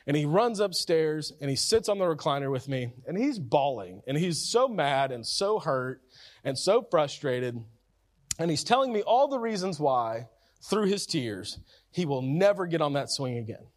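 A pastor delivering a sermon in a man's fairly high voice. He talks in a casual, conversational way, often repeating or restarting his phrases. He swings from loud urgency down to near-hushed softness. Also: big pitch swings, normal speed.

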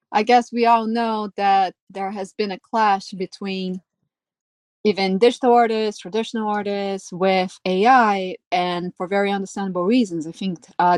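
Woman interview guest, thoughtful, measured, dry close sound. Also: medium pitch, no room sound. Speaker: guest artist. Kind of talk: interview conversation.

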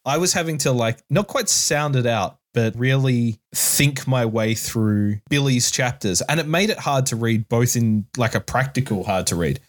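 A man's voice: mid-range voice, lively intonation, moderate pace, few pauses. A man co-hosting a podcast, chatting bluntly about a book with jokey asides and casual swearing. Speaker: podcast co-host.

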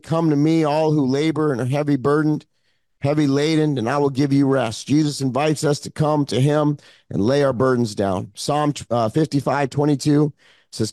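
A man's voice: fairly high pitch, a little mellow, no echo. A man preaching a fervent sermon as pastor, repeating his phrases and growing emotional.

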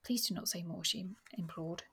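A woman's voice: lowish voice, normal speed, gravelly, fairly bright tone, breathy edge. A woman reading passages from a novel aloud with expression, sometimes dropping almost to a whisper, and talking about the book.

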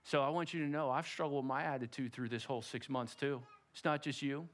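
A man's voice: mid-range voice, fairly even intonation, fast, few pauses. A middle-aged pastor preaching a sermon in a church, direct and emphatic, putting rhetorical questions to his congregation. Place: church sanctuary.

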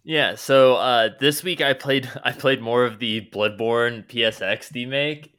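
Young man, casual gaming chat, bright crisp voice, animated storytelling. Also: mid-range voice, measured pace. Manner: animated storytelling, acts out his own reactions. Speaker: podcast host.

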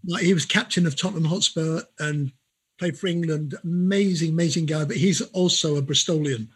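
A man's voice: on the high side, a little fast, breathy edge. A man co-hosting a podcast, asking his guest questions in an easygoing way. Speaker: podcast co-host. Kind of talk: podcast interview.

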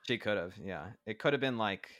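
A man's voice: fairly low pitch, lively intonation, normal speed, fairly bright tone, no room sound. A man chatting casually about a movie as a podcast co-host, rambling with lots of fillers. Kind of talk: casual movie review chat.

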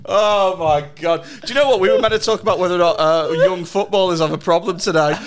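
A man's voice: sits high, very fast. A man hosting a podcast in casual chat, swearing freely and laughing often. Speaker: podcast host.

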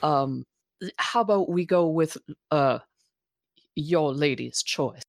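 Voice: medium pitch, takes it slowly, vocal fry, dry recording. A player voicing a female warrior who speaks with stilted, overly formal politeness and hesitations, in a dry close sound. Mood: stiffly polite.

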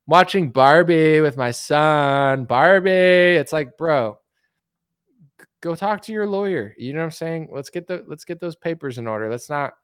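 In a casual political commentary rant, a male commentary streamer rambles, says "like" constantly, and mocks people with impressions. His voice sits fairly high with a clean tone, and the studio-quality recording is dry.

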